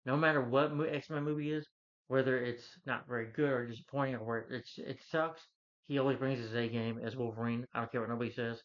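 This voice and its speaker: A man's voice: medium pitch, steady tone, fairly quick. Rambling man reviewing a movie, lo-fi. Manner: rambling, restarts, hums the score and quotes lines.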